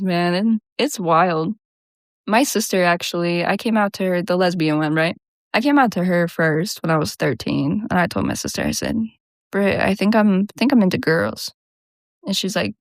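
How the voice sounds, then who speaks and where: A young adult woman hosting a show, telling personal stories in a casual, animated way, laughing often and slipping into quoted voices. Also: fairly low pitch, normal speed, no echo, studio quality. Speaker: host. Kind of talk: casual storytelling monologue.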